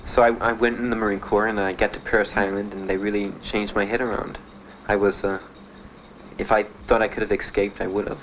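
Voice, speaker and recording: In a brisk, flat delivery, a fairly low-voiced young American veteran from Miami gives a candid spoken account of his life, matter-of-fact and blunt, with dry laughter now and then. Highs are cut off, and a little hiss or hum runs underneath.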